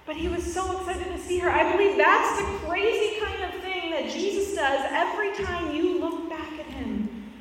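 A woman's voice: very high voice, moderate pace, fairly bright tone, a little hiss or hum. A woman in her thirties preaching a sermon as a pastor, telling a family story with playful asides. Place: church sanctuary. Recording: echoey hall from far off.

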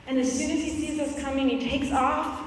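A woman's voice: high voice, little pitch movement, a little fast, slight background noise. A woman in her thirties preaching a sermon as a pastor, telling a family story with playful asides. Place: church sanctuary. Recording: echoey hall from far off.

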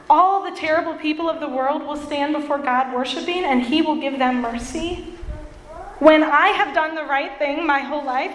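A woman preacher giving a sermon, earnest and self-deprecating, with playful asides. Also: high voice. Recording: echoey hall with long reverb.

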